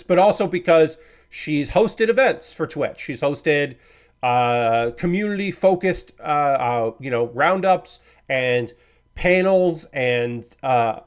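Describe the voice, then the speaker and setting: Rambling, easygoing male streamer. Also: a little high. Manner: rambling and hedging, swears casually; apologetic, easygoing. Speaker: streamer host. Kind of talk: casual live-stream chat.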